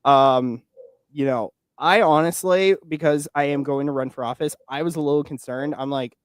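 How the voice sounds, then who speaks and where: A man's voice: a little high, steady tone, normal speed, clear, resonant tone, no room sound, clean studio sound. A man in his twenties chatting casually about politics, rambling, with many fillers and restarts. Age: 20s. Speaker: podcast guest and political commentator.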